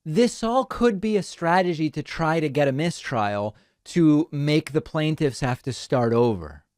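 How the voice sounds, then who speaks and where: A man's voice: a little high, expressive, unhurried, darkish tone, dry recording. A man hosting a show, giving dry, sardonic commentary on court footage. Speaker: show host. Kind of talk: news commentary over clips.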